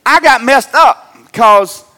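A middle-aged man preaching a humorous sermon, jumping between loud emphatic lines and quiet joking asides. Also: very high voice, expressive, takes it slowly. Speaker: pastor.

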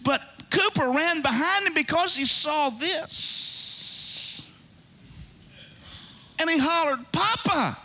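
A man's voice: very high-pitched, slow pace, pauses often, bright, forceful tone, a little hiss or hum. A pastor in his fifties preaching a sermon. He is exuberant and jokey and breaks into whooping exclamations.

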